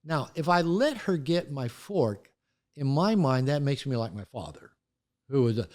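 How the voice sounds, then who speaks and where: In a candid interview, an older man, both therapist and writer, recounts stories vividly and mimics the voices of those he's quoting. His pitch sits in the middle and his tempo is ordinary.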